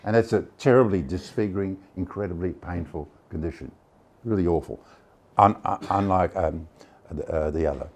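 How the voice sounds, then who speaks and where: A man's voice: deep voice, normal speed, a little hiss or hum. An older man giving a chatty, digressive conference lecture on medicines. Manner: chatty and digressive, many hesitations. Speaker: pharmacology lecturer.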